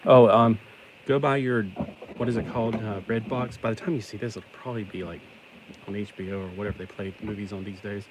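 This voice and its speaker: A man's voice: on the low side, brisk. A middle-aged man rambling casually while building a toy, joking at his own expense. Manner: chatty, self-deprecating, joking asides. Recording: steady background noise.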